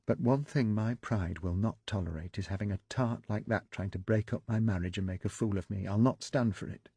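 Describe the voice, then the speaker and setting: A man's voice: fairly low pitch, brisk, warm tone, husky, no echo. A man reading the part of a proud, hurt middle-aged wife who speaks with controlled, clipped fury. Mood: cold fury.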